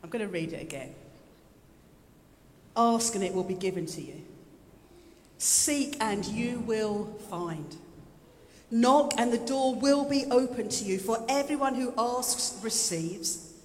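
Woman preacher with a bright, high voice, talking easily with the room; long hall reverb under her. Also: expressive, slow pace, pauses often, a little hiss or hum. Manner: chatty preaching, repeating phrases, joking asides. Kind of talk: sermon. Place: church hall. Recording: echoey hall with music. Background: live instrumental music.

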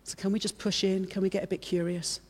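A woman's voice: medium pitch, little pitch movement, fast, a little mellow, husky. A woman preaching a sermon in church, fervent and repeating her phrases as she builds.

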